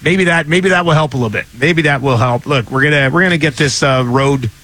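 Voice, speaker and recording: A man's voice: on the high side, fairly quick, a bit bright. A man hosting a sports talk radio show, bantering loosely and joking as he fixes his studio mic live. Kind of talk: casual on-air banter. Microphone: studio microphone.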